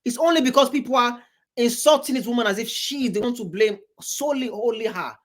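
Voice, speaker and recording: A man hosting a reaction video, talking in an animated, emphatic way, with big swings in pitch and many repeated, restarted words. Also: brisk. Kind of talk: reaction commentary.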